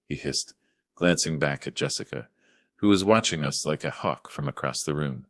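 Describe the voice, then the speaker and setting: A man narrating a dramatic first-person story in a grave, forceful way. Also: extremely low pitch, moderate pace, no room sound, studio quality.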